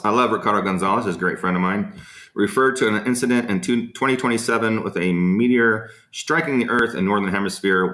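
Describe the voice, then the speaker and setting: A man with a lowish, bright, forceful voice hosts a casual live Q&A in an echoey room. Between answering viewers' questions, he tells anecdotes that ramble on, peppered with fillers.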